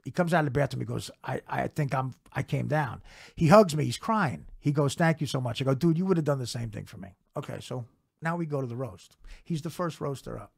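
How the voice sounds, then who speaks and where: A man's voice: medium pitch, lively intonation, brisk, gravelly, breathy edge. A middle-aged man telling a profane comedy anecdote in a casual podcast chat. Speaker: comedian guest. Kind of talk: casual storytelling.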